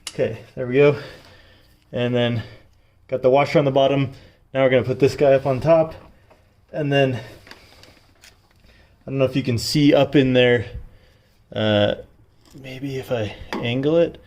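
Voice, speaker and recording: A man's voice: mid-range voice, steady tone, unhurried, pauses often, a little mellow. A man chatting casually as he installs a part on his truck, joking along and sounding strained while he reaches into tight spots. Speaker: DIY car vlogger. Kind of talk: casual how-to commentary while working. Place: working on a truck's rear suspension.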